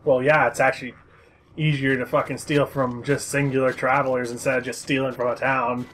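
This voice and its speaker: A man's voice: medium pitch, little pitch movement, fairly quick, fairly bright tone. Joking man backseating a game. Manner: joking, laughs often, gives advice. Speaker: co-commentator. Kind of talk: casual let's-play commentary. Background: game music.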